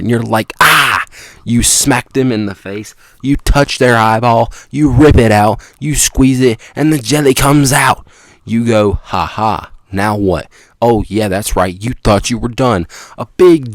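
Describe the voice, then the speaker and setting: A young male podcast host excitedly rambles through a made-up comic story aimed at the listener, his pitch and volume jumping suddenly. The recording has no echo.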